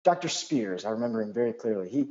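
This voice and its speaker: Mellow-voiced man telling a self-deprecating story. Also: on the low side, quick pace, muffled recording. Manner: animated, self-deprecating, with frequent asides. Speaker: physician. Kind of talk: telling a personal anecdote.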